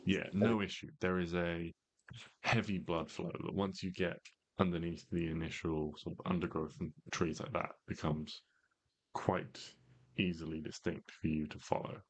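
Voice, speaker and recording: A man with a very low, deep voice runs a tabletop game as game master. He narrates in a measured way, pausing and filling gaps with ums. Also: level tone, husky.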